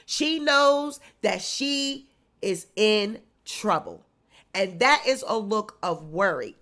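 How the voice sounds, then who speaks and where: A woman's voice: mid-range voice, fairly bright tone. A woman vlogger giving emphatic, mocking gossip commentary.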